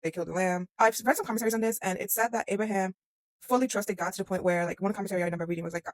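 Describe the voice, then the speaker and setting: Fast, slangy young Bible-story host. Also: mid-range voice, fairly even intonation, no echo. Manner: chatty, slangy retelling with quoted asides. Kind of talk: casual Bible story explainer.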